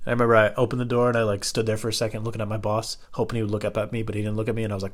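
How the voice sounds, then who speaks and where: A man's voice: fairly low pitch, flat delivery, rapid-fire. A young man hosting his own podcast, telling rambling, self-deprecating work stories in casual chat full of fillers and swearing. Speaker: podcast host. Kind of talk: rambling solo podcast storytelling.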